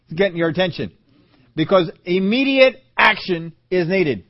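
A male preacher delivers a sermon on a muffled, lo-fi recording, his voice sitting a little high. He acts out biblical voices calling names, swinging from ringing calls to soft, low lines. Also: quick pace. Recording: dull lo-fi audio.

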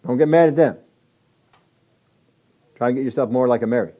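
A man preaching a sermon, animated and acting out the reactions he quotes. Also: medium pitch, fairly quick, narrow, tinny audio. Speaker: pastor.

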